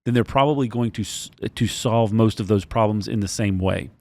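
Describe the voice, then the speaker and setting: A man's voice: fairly low pitch, a little mellow. A man co-hosting a business podcast who explains his ideas step by step and acts out the things people say. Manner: explanatory, measured, acts out quotes. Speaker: podcast co-host. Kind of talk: casual business chat.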